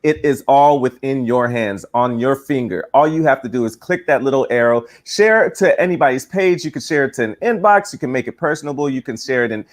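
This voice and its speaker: A man's voice: medium pitch, lively intonation, fairly quick, few pauses. A man co-hosting a live-stream show, upbeat and instructive as he tells viewers directly what to do. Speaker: co-host. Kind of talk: live-stream promo explanation.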